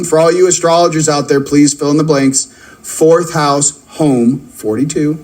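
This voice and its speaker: A man's voice: a little high, low-quality recording. A man hosting a casual spiritual card-reading video, rambling and joking while speaking straight to his viewers. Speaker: channel host doing card readings. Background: faint background music.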